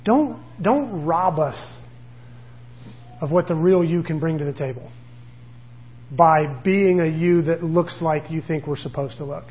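A middle-aged male pastor gives a sermon in a loose, conversational way, acting out the voices of the people he talks about. His voice sits high for a man. The recording sounds dull and a little lo-fi. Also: a little slow, pauses often.

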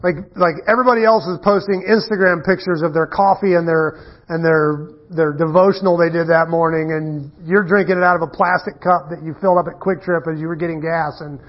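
High-voiced man preaching a casual sermon. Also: fairly even intonation, brisk. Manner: storytelling, casual and self-deprecating, with frequent restarts. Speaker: pastor. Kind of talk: conversational sermon. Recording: dull muffled lo-fi recording.

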